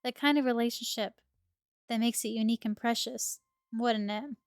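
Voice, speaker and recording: A woman's voice: a little high, fairly even intonation, moderate pace, clean tone, no room sound, studio quality, faint music behind, lightly acted. A woman reading a wistful, evasive young man. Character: gentle, evasive young man, a love interest.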